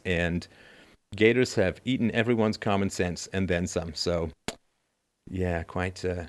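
A man's voice: sits low, steady tone, unhurried. A middle-aged man hosting a show, reading news stories aloud and cutting in with mocking, jokey asides and laughter. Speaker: podcast host. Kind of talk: sarcastic news commentary.

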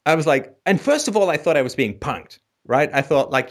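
Animated English man telling stories. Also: a little fast, hardly any pauses. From England. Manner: animated, laughs often, jumps into a high voice for emphasis. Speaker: call-in show host. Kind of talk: anecdotal storytelling.

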